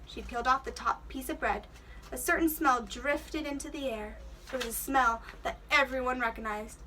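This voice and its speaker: A woman's voice: high voice, normal speed, sharp tone, recorded from a distance, slight background noise. A woman teacher reading a children's storybook aloud, giving the characters voices and stopping to explain words to the kids.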